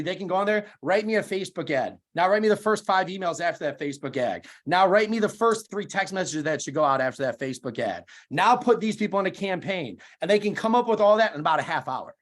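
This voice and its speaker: Emphatic high-voiced man on a call. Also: a bit bright. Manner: emphatic, punchy rhetorical questions. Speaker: guest speaker. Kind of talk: motivational talk on a video call. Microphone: video call.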